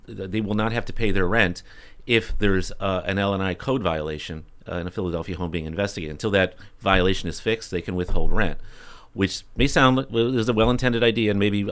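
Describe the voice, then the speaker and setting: Male radio guest, fast and explanatory, low voice. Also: a bit bright. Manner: brisk, explanatory, opinionated. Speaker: guest expert. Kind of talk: radio discussion.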